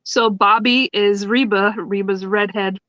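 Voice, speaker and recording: A woman's voice: medium pitch, steady tone, unhurried, a bit bright, dry recording, rough recording. A woman co-hosting a podcast, retelling sitcom scenes in casual chat, laughing often and acting out the characters' lines. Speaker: podcast co-host.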